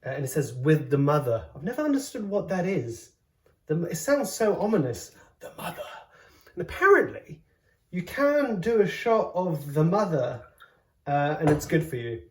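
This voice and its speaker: A man hosting a casual cooking vlog from his home kitchen, joking around and exclaiming loudly as he tastes. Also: a little high, very animated, normal speed, slight background noise. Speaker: host, comedian cooking at home. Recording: roomy kitchen sound. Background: faint background music.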